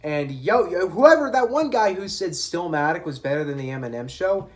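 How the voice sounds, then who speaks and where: A man's voice: fairly high pitch, expressive, normal speed, few pauses. Opinionated chatty male music reviewer. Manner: opinionated, chatty, frequent self-corrections. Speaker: album reviewer. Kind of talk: casual music review monologue.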